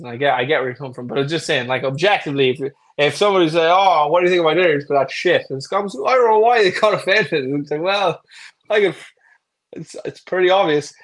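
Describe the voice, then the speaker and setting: A man with a fairly high voice co-hosts a casual chat about fitness and food. He talks bluntly and with humor, and he slips into quick voices for the people he quotes. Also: a bit bright. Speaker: podcast co-host, coach.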